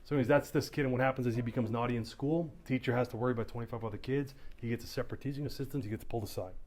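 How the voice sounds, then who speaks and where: A man's voice: mid-range voice, racing. A middle-aged man from Canada, a police officer, telling stories animatedly to a town hall audience. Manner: animated storytelling, acting out voices. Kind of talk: community town hall talk. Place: community hall.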